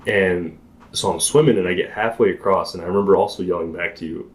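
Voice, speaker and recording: A young man chats as a podcast guest, telling a long story with animated energy and plenty of filler words. His voice sits a bit low, and he laughs often as he talks. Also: quick pace. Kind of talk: casual storytelling chat.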